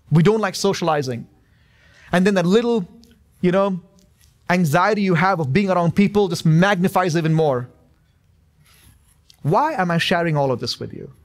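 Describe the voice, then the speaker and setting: A male pastor in his thirties preaching a sermon in a church, emphatic and repetitive, with touches of humor. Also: fairly high pitch. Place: church sanctuary.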